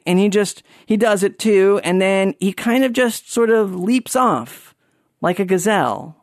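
A man hosting a podcast, telling a rambling, animated story with many fillers and restarts. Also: sits high, no room sound, studio quality. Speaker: podcast host. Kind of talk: casual storytelling monologue.

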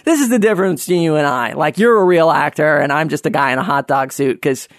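A man telling a funny personal story in an animated, sarcastic way, dropping to mumbled asides and jumping up for mocking voices. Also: a little high, fairly quick, few pauses, dry recording, studio quality. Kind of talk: comedic personal anecdote.

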